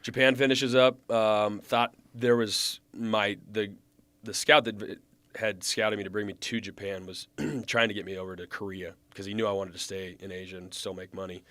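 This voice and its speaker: A man in his thirties, a former baseball pitcher, telling his story in a relaxed, chatty way. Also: moderate pace, no echo. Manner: relaxed, chatty, acts out quoted lines. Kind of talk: casual storytelling.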